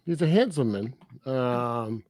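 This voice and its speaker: A man's voice: medium pitch, animated, slow pace, a little mellow, no room sound, studio quality. A man co-hosting a podcast, chatting casually about a film, laughing often and rambling through loose sentences with fillers. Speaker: podcast co-host. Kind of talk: casual film review chat.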